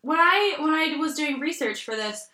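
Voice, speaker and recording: Young woman co-host, high bright voice, jokey and chatty, echoey room. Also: animated, moderate pace. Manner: chatty, joking, many "like" fillers. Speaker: podcast co-host. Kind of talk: casual chat.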